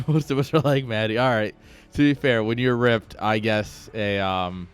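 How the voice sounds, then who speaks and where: A man's voice: medium pitch, takes it slowly, clear, resonant tone, soft background music. A man casting a game stream, chatting casually and teasing with lots of laughs. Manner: joking, teasing, laughs often. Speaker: esports caster.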